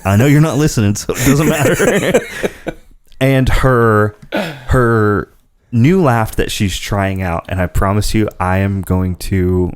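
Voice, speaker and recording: A man's voice: fairly low pitch, slow pace, clear, resonant tone, dry recording. A man hosting a casual podcast, telling rambling stories and laughing often. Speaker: podcast host. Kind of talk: casual chat.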